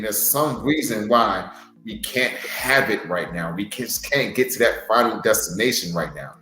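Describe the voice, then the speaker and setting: A man's voice: medium pitch, fairly bright tone. A man who co-hosts a podcast and wrestles, giving casual motivational advice in an earnest tone, repeating words for emphasis. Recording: roomy echo, faint music.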